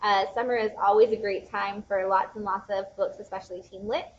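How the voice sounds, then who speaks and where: A woman's voice: medium pitch, fairly even intonation, a little fast, muffled recording, a little hiss or hum. A young woman hosting a casual bookstore livestream, chatty and bubbly, rambling with lots of fillers. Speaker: bookstore young adult specialist, livestream host.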